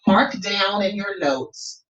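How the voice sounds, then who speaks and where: A woman's voice: mid-range voice, takes it slowly, a bit bright. A woman coaching students in an encouraging way, often checking in with "okay?". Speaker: business coach. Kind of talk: coaching lesson. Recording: roomy, distant, dull lo-fi sound.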